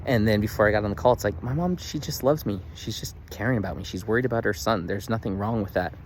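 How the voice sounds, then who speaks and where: A man in his thirties talking casually to the camera in a daily video diary, earnest and animated, full of "like" fillers. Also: lowish voice, fast, slight background noise. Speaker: vlogger.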